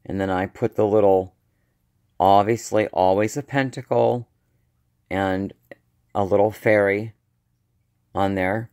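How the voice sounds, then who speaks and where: Slow, low-voiced man with a slight lisp. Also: fairly even intonation, darkish tone, clean tone. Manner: rambling, trailing off, halting restarts. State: slurred speech. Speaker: vlogger. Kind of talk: casual show-and-tell chat.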